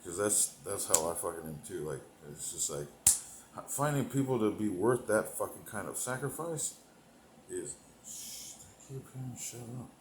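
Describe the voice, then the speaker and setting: A man delivering a rambling, profane comedic monologue, meandering between thoughts, laughing to himself, and swinging between loud bursts and mumbled asides. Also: fairly low pitch, expressive, moderate pace, echoey room, slight background noise, poor audio. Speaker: comedic performer.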